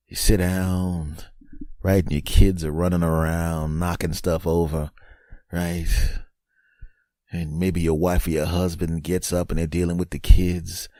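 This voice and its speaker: A man hosting a podcast, delivering a comedic monologue and acting out imagined scenes with lively animation. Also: low voice, dry recording, studio quality. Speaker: podcast host.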